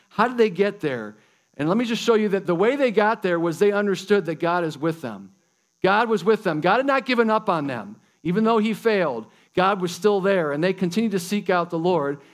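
A man with a notably high voice preaches a sermon to his congregation. His delivery is casual and enthusiastic, and he keeps turning straight to the listeners as guys and folks. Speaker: pastor.

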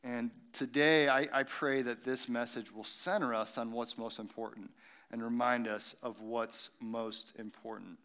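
Male pastor, 30s, bright tense tone, chatty sermon delivery with lots of "uh" and "right?". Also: medium pitch, a little slow, clear, resonant tone. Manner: conversational, animated storytelling with many fillers and tag questions.

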